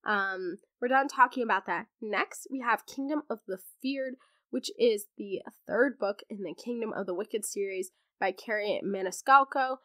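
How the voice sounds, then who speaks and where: A young woman hosting a podcast, chatting excitedly about books in a casual, gushing way, her voice hoarse from laryngitis. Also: medium pitch, moderate pace, no room sound, clean studio sound. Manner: gushing, animated, acts out characters in quotes. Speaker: podcast host. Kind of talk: casual book chat.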